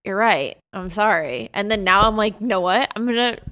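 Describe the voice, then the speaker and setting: A woman's voice: medium pitch, lively intonation, moderate pace, pushed and bright. A young woman co-hosting a podcast, chatty and supportive, recounting her own experiences. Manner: chatty, frequent "like" fillers, supportive listener. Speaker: podcast co-host. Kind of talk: casual chat.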